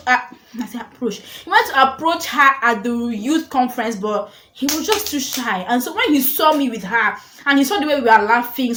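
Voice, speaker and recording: A young woman telling a storytime vlog, animated and dramatic, laughing often. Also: fairly high pitch. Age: young adult. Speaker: vlogger. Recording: echoey room with faint noise.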